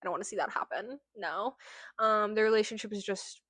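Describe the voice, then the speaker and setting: A woman's voice: medium pitch, fairly quick, a bit bright, husky, no echo. A woman chatting casually about a book she loves, gushing and drifting onto tangents, swearing now and then. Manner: gushing, rambling, goes on tangents. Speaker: book vlogger. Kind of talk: casual book review chat.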